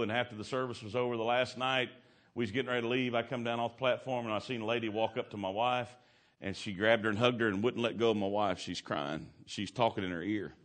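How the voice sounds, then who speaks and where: A man preaching a sermon in a folksy, colloquial way. He swings from loud, climbing exclamations to hushed storytelling. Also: medium pitch.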